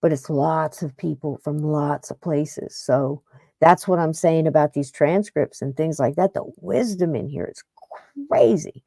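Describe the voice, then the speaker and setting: A woman's voice: sits low, measured pace, creaky, warm tone, no echo. A middle-aged woman hosting a paranormal podcast, talking in a rambling, chatty way that often breaks off and restarts. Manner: rambling, chatty, self-interrupting. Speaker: podcast host. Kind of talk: casual paranormal podcast talk.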